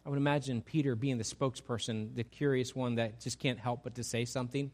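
A man's voice: medium pitch, fairly even intonation, a little fast, darkish tone. A male pastor preaching a sermon and asking his congregation rhetorical questions.

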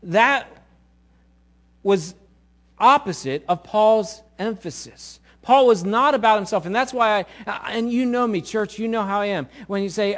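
A middle-aged male pastor preaching a sermon, animated and sometimes acting out quoted voices loudly. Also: high-pitched, a little slow.

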